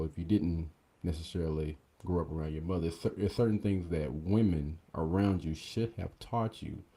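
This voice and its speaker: A man with a very deep voice talks through his views in a loose, conversational way, leaning on fillers as he goes. He sounds like a podcast co-host giving casual commentary. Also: husky. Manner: relaxed, conversational, filler-heavy.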